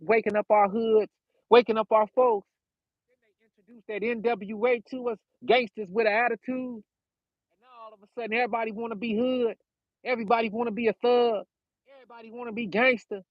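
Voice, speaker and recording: A man with a high voice preaches a sermon and prays in an impassioned, preacherly cadence, repeating his phrases. The recording is muffled, with no room sound.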